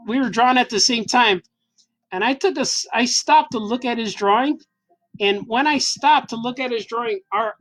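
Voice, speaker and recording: A man's voice: sits high, a bit bright, low-quality recording. Chatty cartoonist man telling a story. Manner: enthusiastic, rambling, laughs often. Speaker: cartoonist host. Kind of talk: casual storytelling while drawing. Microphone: camera mic.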